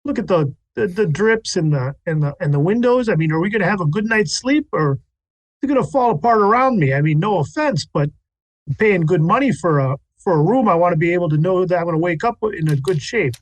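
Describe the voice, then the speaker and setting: A man's voice: sits high, animated, fairly quick, no echo. A man playing a character in a tabletop game, haggling in character with hesitant restarts. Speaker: player. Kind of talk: in-character tabletop role-play.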